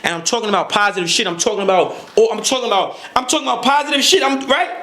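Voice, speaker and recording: This podcast guest races through a heated story in a high voice, cursing animatedly. When he gets worked up, the repeated words pile on.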